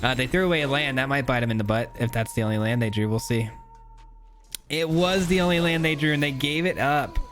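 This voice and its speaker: A man's voice: medium pitch, brisk, a bit bright, faint music behind. A man giving casual, chatty commentary on his own gameplay, thinking aloud with many filler words. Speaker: gaming YouTuber.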